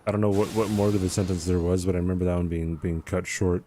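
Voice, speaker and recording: A man's voice: sits low, little pitch movement, fast talker, dark tone, a little hiss or hum. A young man streaming a game live, chatting casually and rambling as he answers his viewers' chat. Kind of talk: casual live-stream commentary while gaming.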